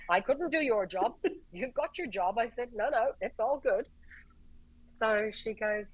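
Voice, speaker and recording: An Irish woman, a paramedic guest, telling stories in a lively way, swearing and acting out the dialogue. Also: mid-range voice, normal speed, husky, dry recording, poor audio. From Ireland. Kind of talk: animated storytelling in conversation.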